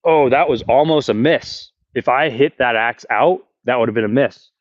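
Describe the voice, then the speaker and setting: A man's voice: fairly low pitch, dry recording, muffled recording. A man live-streaming his backyard axe throwing, counting his throws aloud, swearing and talking to his chat. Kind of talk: live-stream commentary while throwing axes. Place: backyard outdoors.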